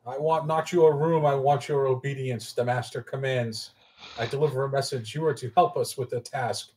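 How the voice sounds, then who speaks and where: A man voicing a stern male character who commands and claims to serve a dark master. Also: medium pitch, steady tone, moderate pace, recorded from a distance, natural voice, rough recording. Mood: commanding.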